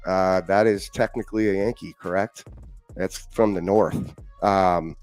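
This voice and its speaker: Hosting a casual, upbeat live sports stream, a man from Washington state in the US Northwest greets viewers in the chat and repeats himself often. His low voice is unhurried and a little mellow, with fairly even intonation and faint music in the background.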